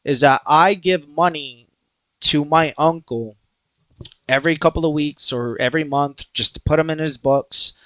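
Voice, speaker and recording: A man's voice: a little high, normal speed, dry recording. A young man hosting a podcast, telling a personal story casually, acting out quoted voices and swearing freely. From Texas. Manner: animated, acts out quoted dialogue, swears freely. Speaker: podcast host.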